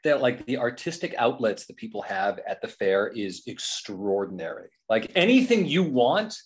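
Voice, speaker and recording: Whip performer dude on a podcast, mid voice, animated, casual, swears a bit. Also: male voice, medium pitch, normal speed. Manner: animated storyteller, casual and profane. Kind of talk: casual interview chat.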